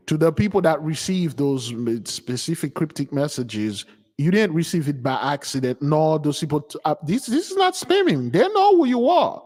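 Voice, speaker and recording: A man hosting a spiritual channel, preaching casually to followers in an animated, emphatic and mocking way. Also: fairly high pitch, normal speed, big-room sound. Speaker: channel host giving a spiritual talk.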